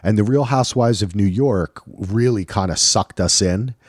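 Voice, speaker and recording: A low-pitched man co-hosting a podcast in relaxed, lively chat. He acts out quick back-and-forth exchanges as he talks. The recording is dry, with no room sound. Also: breathy edge, dry recording. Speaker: podcast co-host. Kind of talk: casual chat.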